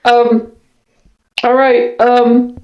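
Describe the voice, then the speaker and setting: A woman's voice: fairly high pitch, completely flat delivery, extremely slow, darkish tone. A woman playing a tabletop game, casually thinking aloud with ums. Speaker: player. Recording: echoey, dull lo-fi sound.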